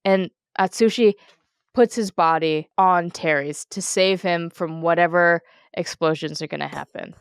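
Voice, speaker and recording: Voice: mid-range voice, unhurried, gravelly, clear, resonant tone, no room sound, clean studio sound. A podcast co-host in casual chat, animatedly recapping a match, laughing often and swearing casually.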